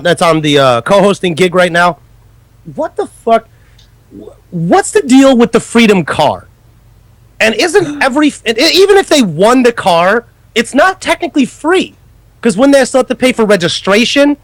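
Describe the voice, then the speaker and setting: Brief: male co-host, high and animated, swears freely in casual chat; dry close sound. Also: no room sound. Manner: loud, swearing, animated and laughing. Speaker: podcast co-host.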